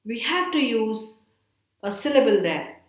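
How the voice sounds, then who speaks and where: A woman with an Indian English accent giving a recorded lecture, speaking slowly and deliberately and spelling words out letter by letter. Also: on the high side, sing-song. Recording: echoey room.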